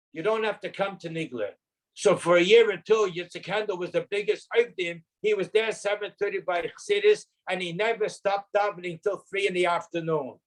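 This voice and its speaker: A man's voice: high voice, poor audio. Elderly man telling old stories. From Canada. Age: 80s. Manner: earnest, rambling anecdotal storyteller. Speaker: interviewee. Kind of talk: reminiscing interview.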